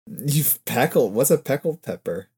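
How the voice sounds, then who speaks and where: A crude, joking man in casual podcast chat who swears freely. His pitch moves a lot as he riffs. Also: lively intonation, a little slow, warm tone, slightly rough. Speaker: podcast co-host.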